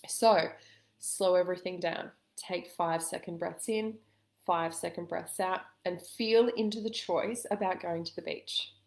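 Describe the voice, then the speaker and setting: A woman coaching listeners in a calm, gentle way, giving a spoken self-help lesson with slow pauses. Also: on the low side, gravelly. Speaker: intuitive coach.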